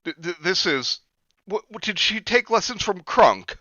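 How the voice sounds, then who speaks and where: A man's voice: high-pitched, big pitch swings, unhurried, bright, forceful tone, dry recording. A man reading a story aloud for comedy, with sarcastic asides, on a slightly dull lo-fi recording. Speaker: reader.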